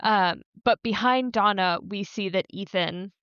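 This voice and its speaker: A woman's voice: mid-range voice, unhurried, fairly bright tone, smooth, no echo, muffled recording. Chatty woman podcast co-host. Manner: chatty, heavy "like" fillers, swears freely. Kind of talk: casual recap chat.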